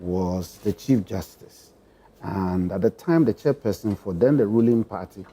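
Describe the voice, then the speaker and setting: A man speaking as a political panelist, choosing formal words with deliberate pauses. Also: low voice, dark tone, slight background noise. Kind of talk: panel discussion.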